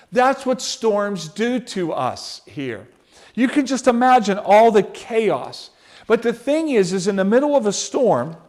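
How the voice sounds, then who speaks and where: High-voiced man preaching a dramatic sermon. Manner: dramatic, swings from loud urgency to hushed tones; tells personal stories. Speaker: pastor.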